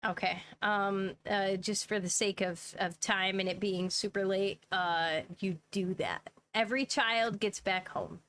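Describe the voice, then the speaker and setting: A woman running a tabletop game as game master. She narrates casually, laughing and using fillers, at a middle pitch. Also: steady tone, unhurried, few pauses, fairly bright tone, a little hiss or hum.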